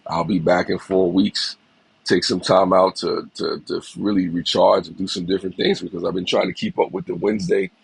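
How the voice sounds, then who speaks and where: He speaks fairly quickly in a low, fairly monotone voice with vocal fry and some roughness, in a rough recording with no room sound. The host, a man in his forties, is a little sick with a slight cough, greeting viewers by name during a casual motivational livestream, reflective and encouraging.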